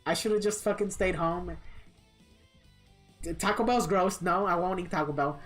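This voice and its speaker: A woman streaming a fighting game chats casually in a fairly low voice. She tells a rambling story full of blunt swearing and grumbling. Soft guitar music plays faintly underneath. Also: fairly even intonation, moderate pace. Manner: profane, blunt, complaining.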